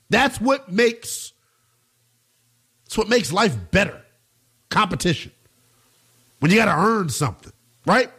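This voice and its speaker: Animated, high-voiced sports talk host. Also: male voice. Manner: emphatic, animated, slangy and blunt.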